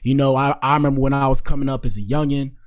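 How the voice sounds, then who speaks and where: A man's voice: medium pitch, steady tone, fast talker. A man hosting a live stream, chatting in a rambling, slangy way with many fillers. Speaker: streamer host. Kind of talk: casual live-stream commentary.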